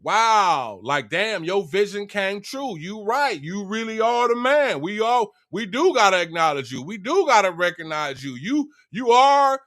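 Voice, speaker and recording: A man's voice: sits high, big pitch swings, unhurried, few pauses, fairly bright tone, no echo, clean studio sound, heavily acted. A man voicing a worried, protective elderly father in a casual retelling, slangy in his speech. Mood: amazed.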